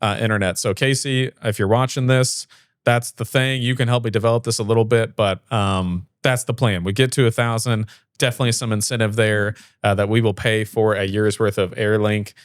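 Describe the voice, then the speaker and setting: A man's voice: on the low side, fairly even intonation, fairly quick, clear, resonant tone, dry recording, clean studio sound. A man hosting a local news show, reading stories and chatting casually with a rambling manner and many fillers. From Fayette area. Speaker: local news podcast host.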